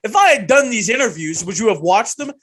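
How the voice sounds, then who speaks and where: A man co-hosting a casual wrestling podcast, full of mock outrage as he ribs his friends. His voice sits fairly high and swoops all over. The tone is bright and forward. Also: brisk, husky. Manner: animated, teasing, mock-outraged. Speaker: podcast co-host.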